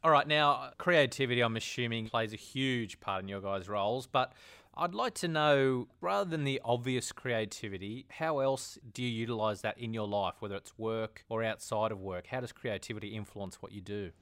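Measured male interviewer. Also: medium pitch, a bit bright, clear, resonant tone. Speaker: interviewer, host. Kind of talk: interview questions.

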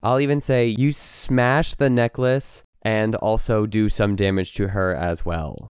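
A man's voice: on the low side, fairly even intonation, a little slow, clear, resonant tone, no room sound, clean studio sound. A man narrating a tabletop game as game master, playful, with laughing asides.

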